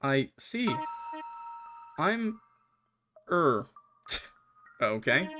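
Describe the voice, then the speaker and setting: A man streaming a game, reading the characters' lines aloud in put-on higher voices between joking and swearing. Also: big pitch swings, slow pace, pauses often. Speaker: gaming streamer. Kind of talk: let's play with voiced dialogue reading. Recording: music playing behind the voice. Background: game music.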